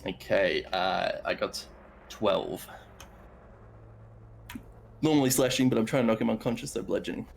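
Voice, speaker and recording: A man playing in a tabletop game, declaring actions and rolls in quick, offhand talk. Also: fairly low pitch, animated, vocal fry, a little hiss or hum. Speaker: player.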